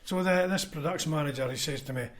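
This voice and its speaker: A man's fast, fairly bright, higher-pitched voice carries blunt anecdotes in a relaxed podcast conversation. He's a Scottish former union convener who acts out what others said.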